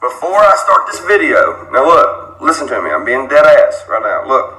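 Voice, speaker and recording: A man's voice: medium pitch, big pitch swings, moderate pace, pushed and bright. A man with a Southern US accent, addressing his fans in an earnest, polite way in a vlog clip. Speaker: YouTuber in a played clip. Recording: echoey room on a played clip.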